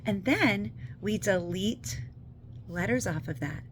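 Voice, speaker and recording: Upbeat lady reading teacher talking to parents, encouraging, punches key words, mid pitch, faint noise behind. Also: expressive, slow pace. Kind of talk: educational talk to parents.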